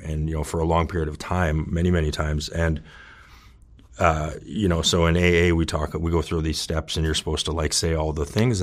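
A man openly telling his own recovery story, earnest and halting, with many restarts and "you know.". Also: rumbling low. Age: adult with children. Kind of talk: candid personal testimony.

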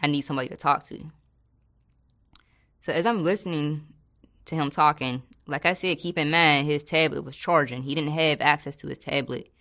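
A woman with a notably low, deep voice speaks in a relaxed, colloquial way. She tells a story from her work as a corrections officer and slips into the voices of the people she quotes. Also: moderate pace. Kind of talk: casual storytelling in an interview.

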